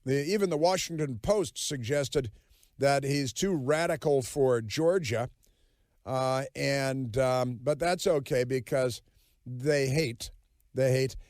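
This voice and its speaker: Male radio host, mid pitch, dry close studio sound, sarcastic rambling monologue. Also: slow pace, darkish tone, dry recording. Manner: sarcastic, mocking, rambling with fillers. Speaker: radio talk show host. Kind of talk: political talk radio monologue.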